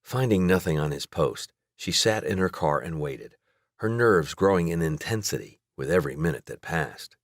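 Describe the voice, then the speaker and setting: A man reading a romance novel aloud as audiobook narrator in a steady, measured way. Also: low-pitched, no room sound, studio quality. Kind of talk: scripted narration.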